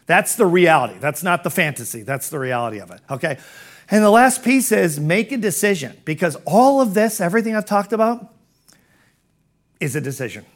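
A man's voice: sits high, big pitch swings, fairly quick. A middle-aged man giving a motivational business talk as a coach, firing rhetorical questions in an emphatic, conversational way.

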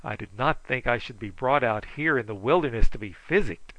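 A man's voice: medium pitch, lively intonation, moderate pace, a bit bright, dry recording, rough recording. A man reading the part of an earnest young man searching for his lost father, eager and pleading, sometimes mournful.

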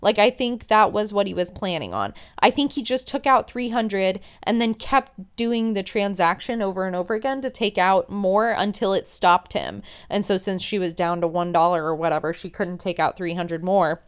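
A woman's voice: medium pitch, moderate pace, clear, resonant tone. A young woman hosting a podcast, chatting casually and opinionatedly as she recaps a show. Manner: chatty, opinionated, many "like" fillers.

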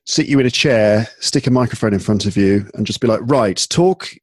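Relaxed chatty English podcast host. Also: male voice, on the low side, fast, no room sound. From England. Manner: relaxed, chatty, frequent fillers and restarts. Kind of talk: casual podcast conversation.

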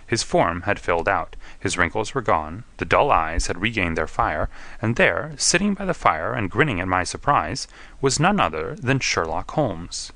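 A man narrating a story in the first person, measured and steady. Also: low-pitched, dry recording. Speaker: audiobook narrator.

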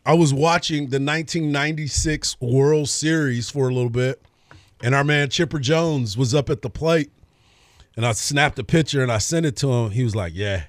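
A man co-hosting a sports radio show in casual chat, laid-back and agreeable, often answering with a quick "right.". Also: mid-range voice, dry recording, clean studio sound.

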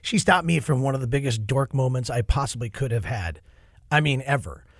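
A middle-aged man hosting a podcast, an animated storyteller who acts out quotes in casual chat. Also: mid-range voice, brisk, husky, no room sound, clean studio sound. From Minnesota. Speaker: podcast host.

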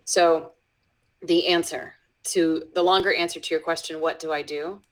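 A woman with a slightly low voice recounts a school incident as an interview guest. She restarts her sentences often and sinks into soft whispers whenever she quotes what was said. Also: steady tone, moderate pace, low-quality recording. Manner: drops into soft whispers when quoting, frequent restarts. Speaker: educator guest. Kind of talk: storytelling in a conversational interview.

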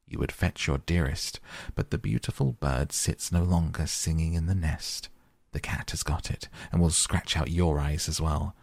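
A man's voice: a bass voice, moderate pace, gravelly, darkish tone, dry recording, full character voice. A man voicing a wicked, mocking old enchantress in a fairy tale reading.

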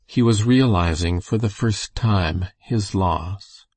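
Deep, gravelly male audiobook narrator. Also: slow pace, few pauses, darkish tone, dry recording. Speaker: audiobook reader. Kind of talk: scripted narration.

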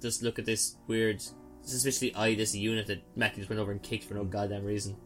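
Male player, bright crisp voice, chatty and jokey. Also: fairly low pitch, flat delivery, fast talker, soft background music. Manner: chatty, joking, in-character descriptions. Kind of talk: playing a tabletop game.

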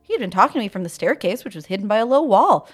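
A woman hosting a podcast, reading a listener's spooky story aloud in a casual, profane way with deadpan asides. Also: medium pitch, rapid-fire, husky. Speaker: podcast host.

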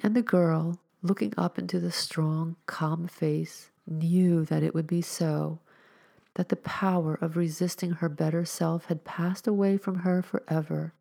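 A woman reading a short story aloud as a storyteller, with measured, expressive narration. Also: fairly low pitch, gravelly.

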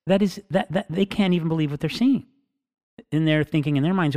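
A man talking in a casual monologue, rambling with restarts and acting out quotes in an animated way. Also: fairly high pitch, fairly quick.

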